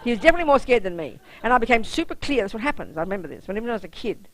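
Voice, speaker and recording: Blunt, animated woman giving a dharma talk. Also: on the high side, racing, low-quality recording. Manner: blunt, lively, keeps checking the audience understands. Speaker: Buddhist nun and teacher. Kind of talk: public dharma talk with personal storytelling.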